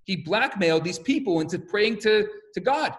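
Animated male rabbi giving a lecture. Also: high-pitched, normal speed. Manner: animated, acts out quotes, repeats words when restarting. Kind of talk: storytelling lecture.

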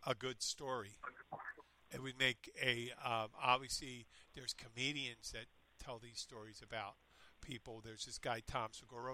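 A man in casual chat, telling stories in a meandering way and often interrupting himself. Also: mid-range voice. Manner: meandering, self-interrupting, animated retelling. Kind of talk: casual chat, rambling storytelling.

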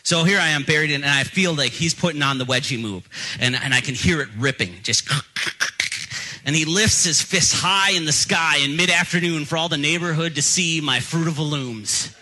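Bright-voiced preacher telling a funny story. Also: male voice, on the high side, moderate pace, low-quality recording. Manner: storytelling, jokey self-deprecating. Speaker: pastor. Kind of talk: sermon.

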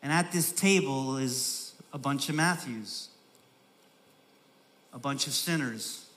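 A man preaching a sermon as pastor, repeating phrases for emphasis and building from soft, slow stresses to raised, urgent delivery. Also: medium pitch.

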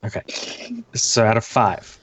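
A man's voice: on the low side, fairly even intonation, measured pace, a bit bright. A man appearing as a guest on a podcast, giving brief, easygoing replies. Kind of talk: casual chat.

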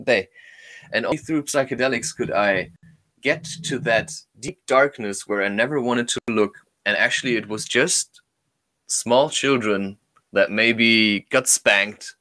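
A man's voice: medium pitch, animated, normal speed, pushed and bright, dry recording. Earnest storytelling man, dry close sound. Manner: earnest, storytelling, wandering phrasing. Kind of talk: casual conversation.

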